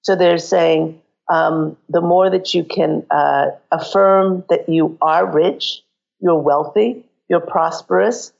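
A woman with a croaky voice giving psychic readings on a call-in radio show, earnestly guiding listeners through exercises. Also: on the low side, fairly even intonation, slow, a little mellow, highs cut off.

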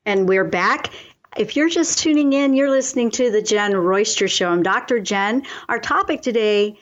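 A woman's voice: medium pitch, lively intonation, muffled recording. Earnest woman hosting a spiritual talk show. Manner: earnest, coaching, slows down on affirmations. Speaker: radio talk show host. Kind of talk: spiritual self-help talk.

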